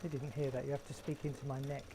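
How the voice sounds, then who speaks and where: Chatting with viewers from his garden shed, a man with a London accent runs a casual live stream full of wry jokes. He talks quickly at a medium pitch with little variation in it, against a noisy background.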